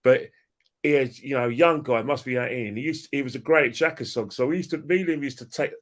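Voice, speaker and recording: A man's voice: medium pitch, fast. A man chatting on a casual podcast who tells an anecdote with hesitant restarts. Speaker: podcast guest.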